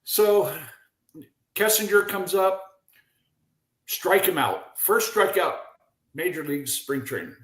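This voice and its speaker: A man in his seventies, a former baseball pitcher, telling lively stories as a guest, acting out the voices of people in them and often restarting his sentences. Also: slow pace, long pauses, reverberant, poor audio. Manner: lively storyteller who acts out quoted voices, with frequent restarts. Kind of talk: animated storytelling in a chat.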